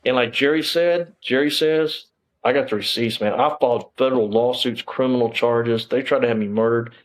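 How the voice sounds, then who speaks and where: A man's voice: mid-range voice, normal speed. A middle-aged man, telling his story as an interview guest, bluntly and emphatically, with plenty of cursing and fillers. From Texas.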